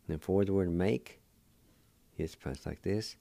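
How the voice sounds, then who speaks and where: A man with a very deep, gravelly voice teaches words at a slow, careful pace. He spells everything out patiently, letter by letter, as a radio host would. The sound is dry and close, with no room around it. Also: dark tone, dry recording. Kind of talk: slow spelled-out language lesson.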